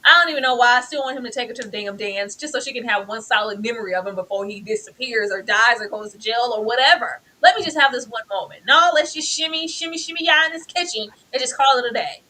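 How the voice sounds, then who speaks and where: Woman, bright forceful voice, raised pitch, animated, emphatic, casual review chat. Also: quick pace, few pauses, low-quality recording. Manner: animated, emphatic, acts out characters' lines. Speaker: co-host of a TV review show.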